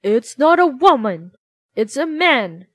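Angry soldiers bellow at the children, as a woman reads them aloud. The voice is loud and blunt, with a slow pace. The sound is close and dry. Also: a little high, lively intonation, dry recording. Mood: shouting. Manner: loud, barking orders. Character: shouting angry male soldiers.

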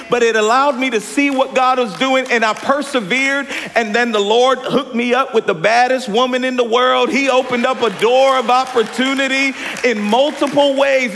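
A man in his thirties preaching a lively sermon as pastor, often calling the congregation y'all. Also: very high voice. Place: church sanctuary. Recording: hall reverb from church sanctuary.

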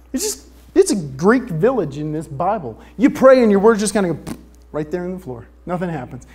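A man's voice: sits high, a little mellow. A man preaching a sermon, joking with the congregation and asking them for a show of hands. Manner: asks the audience for a show of hands. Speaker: pastor.

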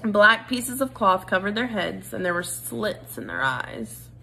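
Woman, storybook reader, bright and expressive. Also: medium pitch, measured pace, gravelly, husky, low-quality recording. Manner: expressive, animated. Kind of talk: reading a children's novel aloud.

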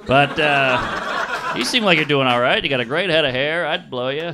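A man with a slightly high voice and lively intonation does improvised stand-up at a moderate pace on a comedy club stage. He works the crowd with blunt, crude jokes at his own expense. The live recording picks up a laughing audience.

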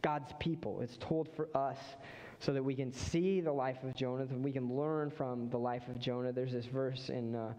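A man preaching a sermon as pastor, animated storytelling that acts out the figures, in a church. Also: medium pitch, normal speed, long reverb tail, highs cut off. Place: church sanctuary.

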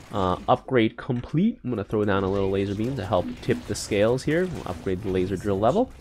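A man giving casual live gameplay commentary as a gaming YouTuber, excitable and slangy, with sudden squeals and mumbled asides. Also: fairly low pitch, slight background noise.

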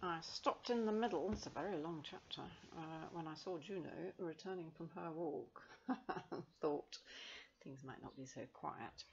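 A woman reading a children's novel aloud in a gentle, measured storytelling manner. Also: low voice, lo-fi sound. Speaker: reader.

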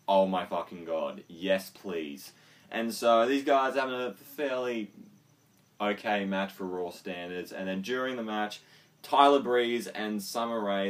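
A man with a fairly low voice delivers a casual, excitable wrestling video review, swearing freely and dropping plenty of ums. He sits some way back from the microphone, so he sounds a little distant.

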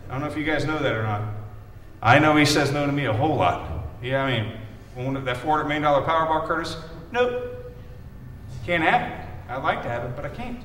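A man's voice: on the high side, a bit bright. A Midwestern American man preaching a casual, chatty sermon to his congregation, telling stories and calling on people by name. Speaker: lay preacher. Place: church sanctuary. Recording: echoey church from a distance.

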